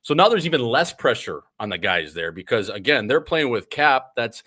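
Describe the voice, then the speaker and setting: A man's voice: medium pitch, very animated, moderate pace, pushed and bright, no room sound. Joking man hosting. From Wisconsin. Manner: loose, joking banter. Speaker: podcast host. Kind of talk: casual chat.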